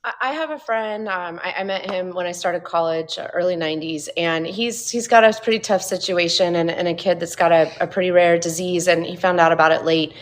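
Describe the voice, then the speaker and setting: A woman's voice: fairly low pitch, brisk, hardly any pauses. A woman around fifty, an editor guest in an interview, speaking candidly and laughing easily. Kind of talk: casual interview chat.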